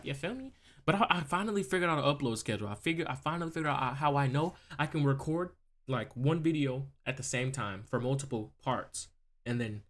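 A young man talking casually over his gameplay as a YouTuber, repeating phrases and asking 'you feel me' often. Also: mid-range voice. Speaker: gaming YouTuber. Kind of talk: casual let's-play commentary.

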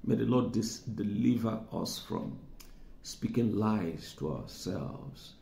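A man's voice: fairly low pitch, lively intonation, slow, vocal fry, warm tone, roomy sound. A man preaching a sermon, conversational, repeating words for emphasis and chuckling now and then. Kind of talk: sermon teaching.

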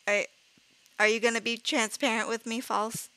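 A woman's voice: a little high, fairly even intonation, normal speed, bright, forceful tone, smooth, dry recording. A woman streaming a horror game live, jumpy and easily frightened. She laughs nervously, shrieks when scared, swears casually and keeps apologizing to her viewers. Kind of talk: live gameplay commentary.

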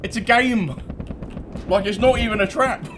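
A man's voice: high voice, normal speed, a loud crowd. A British man running casual gameplay commentary, laughing and swearing as he banters with other players. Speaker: game streamer.

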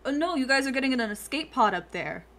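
A woman playing a tabletop role-playing game, laying out her party's plan out loud in a casual way. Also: high voice, animated, quick pace, creaky. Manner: plans out loud, laughs easily. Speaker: player.

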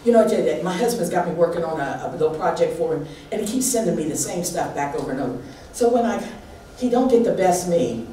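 A woman pastor preaching a sermon with call and response from the congregation, animated and laughing often. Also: on the low side, quick pace, a little hiss or hum. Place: church sanctuary. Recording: echoey church hall, distant mic.

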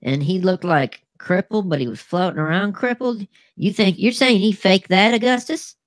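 A man's voice: high voice, normal speed, no echo. A man co-hosting a crude comedy show, brash and mocking, swearing freely. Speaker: co-host.

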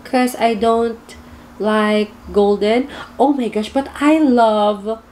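A woman's voice: a little high, fairly even intonation, slow, a little mellow. A woman with a Filipino accent reacting to pageant gowns in a casual vlog, gushing and torn between favorites, full of exclamations. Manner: gushing, indecisive, lots of exclamations. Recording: music playing behind.

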